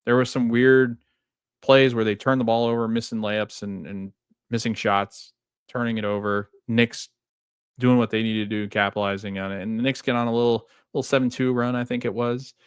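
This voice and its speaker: A man's voice: mid-range voice, steady tone, normal speed, clear, resonant tone, no room sound, studio quality. A man hosting a sports fan show, talking casually and rambling through a game recap with many restarts. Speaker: podcast host.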